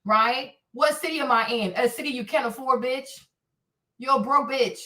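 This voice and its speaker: A high-pitched woman with a bright, sharp voice hosts a livestream and taunts the chat with profane, repetitive jabs. She sits some distance from the mic in an echoey room. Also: moderate pace. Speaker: livestream host. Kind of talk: live-stream rant answering chat.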